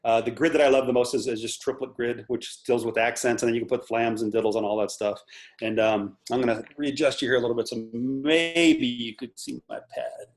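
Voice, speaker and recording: A man in his sixties giving a casual drum lesson over a video call, animated and counting off patterns as he explains them. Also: mid-range voice, quick pace, reverberant. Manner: animated, talks through patterns while counting off. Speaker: drum instructor.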